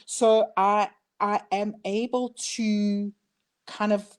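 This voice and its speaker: A woman's voice: medium pitch, flat delivery, slow, background noise. A woman guest in an interview, a fashion designer speaking frankly and with self-deprecation. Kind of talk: candid interview talk.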